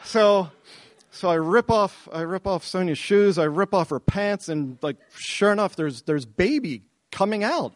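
A middle-aged man telling a personal story to an audience, animated and excited, often repeating himself as he goes. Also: sits high, a little slow, no room sound. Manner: animated, excited retelling with self-interruptions and repeats.

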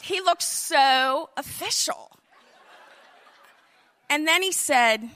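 A woman in her fifties with a high, bright voice tells a personal story, unhurried and animated. She spins the tale with comic asides and a storyteller's flair.

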